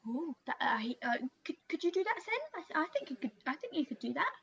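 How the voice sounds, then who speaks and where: A woman playing a tabletop game in character, hesitant and halting with many fillers, on a dull lo-fi mic. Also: high voice, sing-song, vocal fry, a bit bright. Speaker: player.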